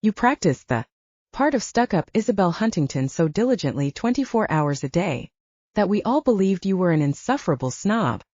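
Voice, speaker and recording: A woman's voice: fairly low pitch, big pitch swings, moderate pace, darkish tone, no room sound, dull audio. A woman reading an outspoken young intern.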